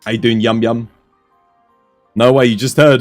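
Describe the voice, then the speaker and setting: A young Australian man talks casually while streaming a game, laid-back and chatty, with a mid-range voice. Faint game music plays softly behind him. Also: medium pitch, measured pace. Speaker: streamer and coach. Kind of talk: casual gameplay stream chat.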